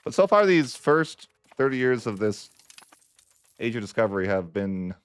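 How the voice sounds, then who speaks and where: A man's voice: medium pitch, very animated, normal speed, smooth, no room sound. A man giving casual commentary over a strategy game, wry and mock-dramatic as he grumbles about his bad luck. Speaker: gaming YouTuber.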